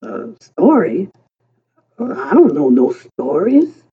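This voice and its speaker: A reader putting on a gruff, shy old park hand. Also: medium pitch, huge pitch swings, takes it slowly, full character voice. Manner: folksy, hesitant, stammering. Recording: tinny phone-like sound.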